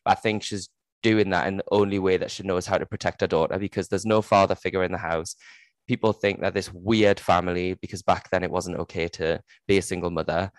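Deep-voiced man, dry close sound. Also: fairly quick, dry recording. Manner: animated, swears freely, acts out quotes. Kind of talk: casual book chat.

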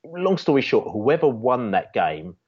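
A man's voice: mid-range voice, big pitch swings, measured pace, darkish tone, husky. A man telling a long football fan story in casual chat, rambling with many restarts and fillers. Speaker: football fan channel guest. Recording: dull lo-fi sound.

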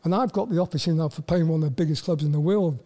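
An older Welsh man speaks in a high, mellow voice. He tells his stories in a halting way, restarting words and leaning on "you know" as he goes. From Wales. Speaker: guest, former footballer. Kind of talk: casual interview storytelling.

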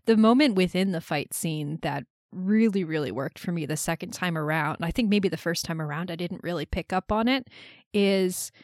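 Reflective, low-voiced woman co-host. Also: normal speed, a little mellow, dry recording, clean studio sound. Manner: reflective, analytical. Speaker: podcast co-host. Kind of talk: casual film discussion.

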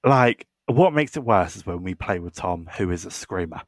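Chatty young British man, low and dry. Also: animated, moderate pace, no echo. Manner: loose and chatty, swears, many "um"s and "like"s. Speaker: podcast co-host. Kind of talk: casual chat.

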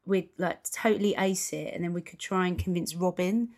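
A woman, co-hosting a podcast with quick, chatty reactions. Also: fairly low pitch, fairly even intonation, darkish tone. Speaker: podcast co-host. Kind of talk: casual chat.

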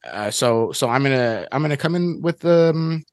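A man's voice: medium pitch, lively intonation, normal speed, darkish tone, no room sound, clean studio sound. A man co-hosting a casual film podcast, talking hesitantly and restarting phrases. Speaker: podcast co-host. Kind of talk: casual chat.

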